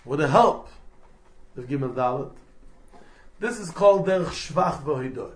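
A rabbi gives a Torah lecture on halacha, his male voice fairly high and expressive, at normal speed with long pauses. He explains things point by point, blending English with Hebrew and Yiddish terms.

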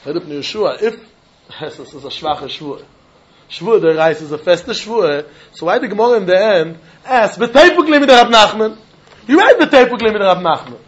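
Man, high-pitched, Talmud class lecture, animated, questioning, muffled lo-fi sound. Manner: animated, questioning, mixing Yiddish and Hebrew terms. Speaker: Talmud teacher.

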